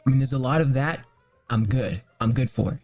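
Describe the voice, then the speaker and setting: A man's voice: mid-range voice, fairly quick, a little mellow, no echo, soft background music. Young guy rambling about movies, lots of like and um, swears a ton, dry mic. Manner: rambling, filler-heavy, swears freely. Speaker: movie reviewer. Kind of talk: casual chat.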